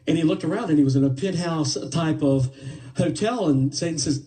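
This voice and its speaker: A man's voice: fairly high pitch, normal speed. Guy telling a funny parable to a crowd, playful, kinda far from the mic. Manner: animated, playful delivery with asides to the audience. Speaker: storyteller. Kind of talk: live spoken parable.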